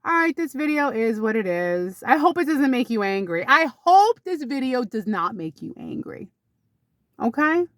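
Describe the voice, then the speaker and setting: A woman vlogging to camera, telling rambling casual stories about her mother with sudden high exclamations. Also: big pitch swings, moderate pace, no room sound, studio quality.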